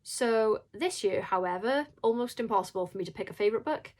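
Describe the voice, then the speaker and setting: Woman horror author vlogging to camera; emotional, rambling, keeps apologizing, mid-pitched voice. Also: animated, brisk, a little mellow. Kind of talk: casual vlog talk.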